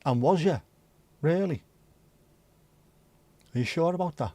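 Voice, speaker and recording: A man's voice: a little high, lively intonation, a little slow, warm tone, no room sound. Middle-aged scouse guy rambling to his stream chat, swears a lot, dry close sound. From Liverpool, England. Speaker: livestream host. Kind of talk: casual chat to live chat.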